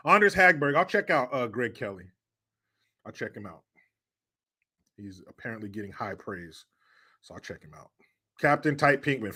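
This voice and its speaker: A man hosts a casual livestream, answering comments while rambling, swearing, and laughing at his own jokes. His voice is medium-pitched, bright, and forceful.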